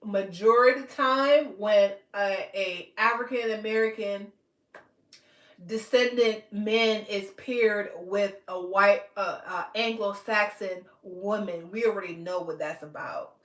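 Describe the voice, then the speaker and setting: A woman's voice: medium pitch, unhurried, a bit bright. A woman hosting a podcast, talking bluntly and emphatically in casual commentary, lecturing her listeners. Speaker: podcast host. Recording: echoey room.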